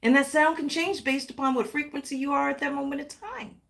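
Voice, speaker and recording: A woman hosting a live tarot reading, talking warmly and directly to her viewers with pet names and playful exclamations. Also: high-pitched, a little fast, creaky. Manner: affectionate, animated, talks directly to viewers. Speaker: tarot reader.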